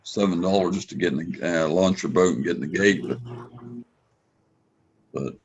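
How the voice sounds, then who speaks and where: A man's voice: low voice, moderate pace, dull audio, slight background noise. A man chatting casually about fishing, laid-back as he lists places. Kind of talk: casual chat.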